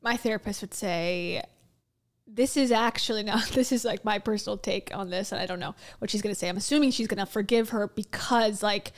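A woman's voice: mid-range voice, brisk. A woman hosting a casual reaction commentary, talking candidly and bluntly and swearing now and then. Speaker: commentary host.

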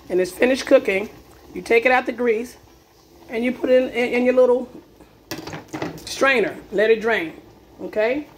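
A woman's voice: on the high side, a little hiss or hum. A woman hosting a casual cooking demonstration in her home kitchen, chatty and repeating herself with lots of "okay?" asides. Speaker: cooking video host.

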